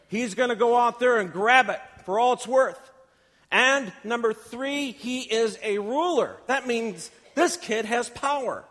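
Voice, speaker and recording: Male pastor, very high voice, emphatic storyteller, long church reverb. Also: a bit bright. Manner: emphatic storytelling preacher, acts out quotes. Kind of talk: sermon.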